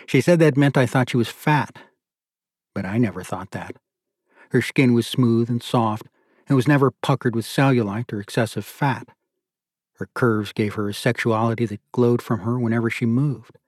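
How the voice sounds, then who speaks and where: A man reading an audiobook in the first person, measured and steady. His voice sits at a middle pitch and sounds dry and close, with no room around it. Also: breathy edge, no echo. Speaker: audiobook narrator. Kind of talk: scripted audiobook narration.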